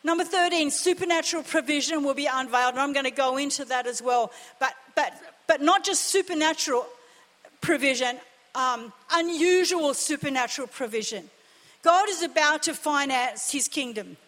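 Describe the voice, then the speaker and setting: A woman pastor preaches in a high, ringing voice. She drives her points home with urgent repetition. A long reverb hangs after each phrase in the church hall. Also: normal speed, a bit bright. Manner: impassioned, emphatic preaching with repeated phrases. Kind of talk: sermon.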